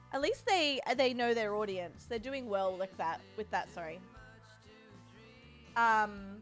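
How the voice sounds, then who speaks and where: A young woman streaming from home, chatting casually and rambling as she greets her chat by name. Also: on the high side.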